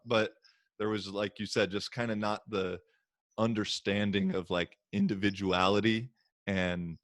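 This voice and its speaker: An American man hosting a podcast, relaxed and rambling with many fillers in casual chat. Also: on the low side, measured pace, dry recording, clean studio sound. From United States. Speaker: podcast host.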